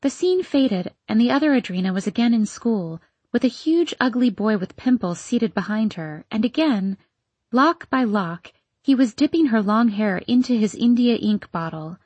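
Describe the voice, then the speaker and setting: A woman reading a novel aloud in steady scripted narration. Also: fairly high pitch, moderate pace, dry recording, muffled recording. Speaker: audiobook narrator.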